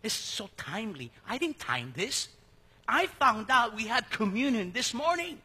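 High, bright-voiced pastor preaching in a hall. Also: male voice, big pitch swings, measured pace, slightly rough. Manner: conversational, jokey preaching with sudden drops to a hush. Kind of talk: sermon. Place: church sanctuary. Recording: long hall reverb.

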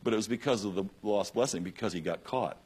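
A male pastor preaching a radio sermon with passion, swinging between loud emphatic bursts and hushed lines. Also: on the low side, fast talker, slightly rough.

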